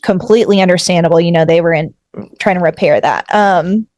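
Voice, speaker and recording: A woman's voice: fairly low pitch, fairly quick, no room sound, studio quality. A young woman co-hosting a casual book club podcast, retelling scenes with emotion. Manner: emotional, animated storytelling. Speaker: podcast co-host.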